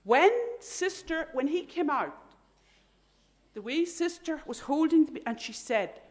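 A woman's voice: sits high, animated, unhurried. Earnest woman telling a faith story. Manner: earnest, drops to a hushed voice at moving moments. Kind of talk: spoken storytelling talk.

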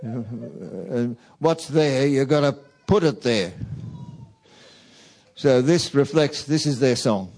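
A man giving a reflective talk to a church audience, speaking in a slow, measured way. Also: medium pitch, animated, a little mellow, low-quality recording. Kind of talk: reflective talk, reading song lyrics aloud.

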